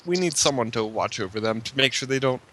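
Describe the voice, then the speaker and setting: A man's voice: mid-range voice, animated, quick pace, heavy background noise. A man running a tabletop role-play as game master, loose and full of fillers. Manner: loose, filler-heavy with frequent laughs.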